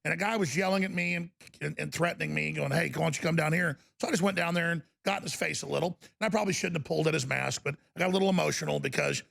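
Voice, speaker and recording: A man's voice: fairly high pitch, racing, vocal fry, a bit bright. A man hosting a talk broadcast, ranting and mocking in an indignant way. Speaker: talk show host.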